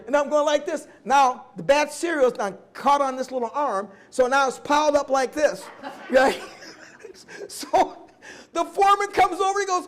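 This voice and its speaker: A man in his seventies, a guest at a live oral history event, telling stories from his life in an animated way and acting out both sides of each conversation. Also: very high-pitched, moderate pace, a little hiss or hum. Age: 70s. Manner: animated storyteller who acts out dialogue and laughs often.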